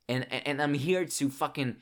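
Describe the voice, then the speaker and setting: A man's voice: fairly high pitch, normal speed. A young man vlogging in a casual, emotional monologue, swearing often and restarting his sentences as he talks about his feelings.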